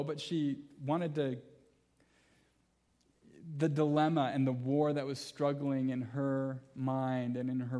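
A man's voice: medium pitch, warm tone. A man preaching a sermon in an earnest, emphatic way, repeating key phrases and weaving in personal stories with light humor. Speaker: pastor.

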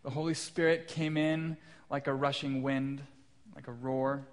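Pastor dad telling a sermon story. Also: male voice, mid-range voice, level tone, a little slow. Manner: warm storytelling with self-deprecating humor. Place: church sanctuary.

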